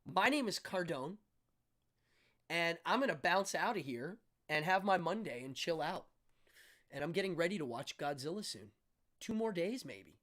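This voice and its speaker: A man's voice: a little high, expressive, normal speed. A man in his fifties hosting a live stream, chatting casually in a laid-back, slangy way and thanking viewers by name. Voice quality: laid-back, slangy, with frequent ums and uhs. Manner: upbeat sign-off, shouting out viewers by name. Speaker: host.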